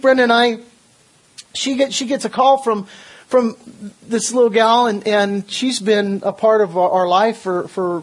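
Husky older pastor preaching earnestly. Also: male voice, extremely high pitch. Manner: earnest, stumbling restarts, builds to forceful emphasis. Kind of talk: sermon.

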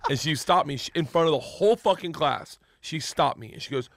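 A man's voice: fairly high pitch, brisk, hardly any pauses, dry recording. A man from Florida telling a long story in casual chat, swearing freely and laughing through his words with frequent restarts. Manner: profane, laughing, animated with many restarts.

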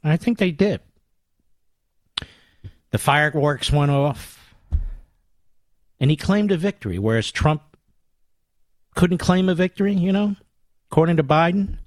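A man's voice: fairly high pitch, lively intonation, a little slow, pauses often, no echo. An older man hosting a political talk radio show, combative and sarcastic, speaking into a studio microphone.

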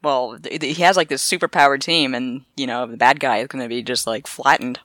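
A woman's voice: a bass voice, fairly even intonation, a little fast, fairly bright tone, dry recording, clean studio sound. Playful Canadian-born woman on a podcast. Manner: laughing, playful and joking. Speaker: podcast co-host. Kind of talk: casual podcast chat.

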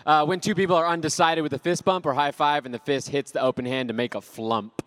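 A man's voice: on the high side, steady tone, fast, a bit bright. A man hosting a live improv comedy show, running the game and teasing the players.

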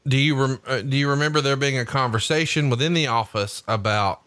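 A man's voice: mid-range voice, fairly quick, fairly bright tone, no room sound. A man hosting a podcast, asking blunt, profane questions in casual interview style. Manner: crude, reads book passages aloud. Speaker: podcast host.

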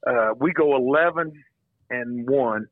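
A man's voice: mid-range voice, a little slow, no room sound. An older man, a former football coach, telling stories as a radio guest and repeating his words as he rambles. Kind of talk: phone-in radio interview, storytelling. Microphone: phone. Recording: tinny phone line, dry.

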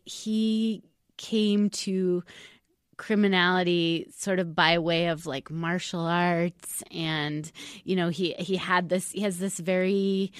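A woman with a slightly low voice talks about her writing in a relaxed interview. She hesitates and restarts often but stays earnest. The sound is dry and close. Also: dry recording. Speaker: author being interviewed. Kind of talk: casual interview talk.

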